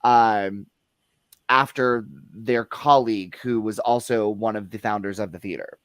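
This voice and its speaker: A man's voice: lowish voice, fairly even intonation, a little slow, no echo. A man, a guest who works at the theater, telling ghost experiences in a casual chat, full of restarts and fillers. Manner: rambling, many restarts and fillers. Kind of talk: casual paranormal discussion.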